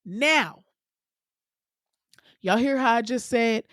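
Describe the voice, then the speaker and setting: A woman hosting her own podcast, talking candidly and with plenty of profanity, her voice leaping up in pitch when she gets worked up. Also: slow, no echo, clean studio sound. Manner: candid, profane, animated storytelling with sudden pitch jumps. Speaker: podcast host. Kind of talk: casual solo podcast monologue.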